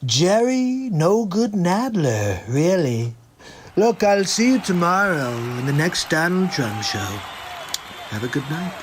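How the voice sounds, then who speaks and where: A man's voice: high-pitched, big pitch swings, a little hiss or hum, voice pushed up, exaggerated voice. A man doing a comedic impression of a brash older male politician who mocks opponents with insulting nicknames. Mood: mocking. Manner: mocking, insulting nicknames, slow deliberate delivery.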